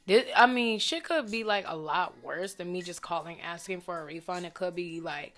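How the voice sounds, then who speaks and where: A young woman vlogger telling a story to camera in a blunt, profane, animated way. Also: mid-range voice, moderate pace, faint music behind. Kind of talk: casual storytime rant to camera.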